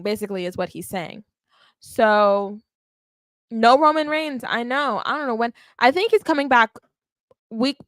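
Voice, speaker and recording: A woman hosting a wrestling podcast, recapping a live show in an animated, emphatic way and often checking in with "okay?". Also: on the high side, dry recording. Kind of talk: live watch-along recap.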